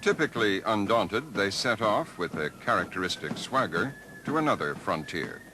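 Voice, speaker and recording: A man giving scripted narration for a documentary in a measured, expressive way. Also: lowish voice. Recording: archival 1980s documentary with noise.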